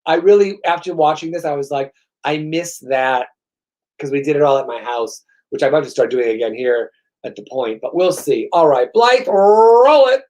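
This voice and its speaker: A man's voice: medium pitch, a little fast, a little mellow. A man hosting his own show, rambling through stories with profane, sarcastic, self-mocking humor. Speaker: host. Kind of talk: rambling comedic monologue.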